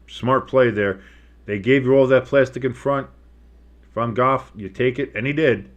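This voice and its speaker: A man's voice: medium pitch, normal speed. A tired, yawning man calls a football game play by play from his home setup. His delivery is loose and chatty, and he drifts from the action into scores and side remarks before snapping back to the snap. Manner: casual, breaks off the play calls into asides and scores. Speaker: play-by-play commentator. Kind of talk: home-made live game commentary. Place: home studio with a dog and fireworks outside.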